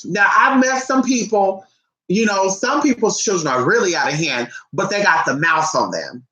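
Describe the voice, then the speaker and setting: A young adult woman telling a family story casually, animated and profane, acting out the people she quotes. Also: medium pitch, moderate pace. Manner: animated, profane, acts out quotes in shifting voices. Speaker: vlogger. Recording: echoey room.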